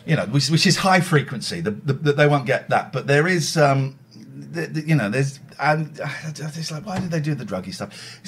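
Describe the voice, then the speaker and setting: A man in his forties chatting casually on a podcast, jokey and quick to slip into silly voices. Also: fairly high pitch, lively intonation, a bit bright, a little hiss or hum. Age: 40s. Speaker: podcast host. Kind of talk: casual chat.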